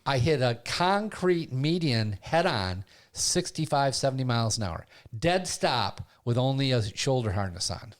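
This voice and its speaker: With a mid-range voice, a measured pace and few pauses, an older podcast host tells a personal story casually. He animates it by performing the lines he and other people said, voicing his past self.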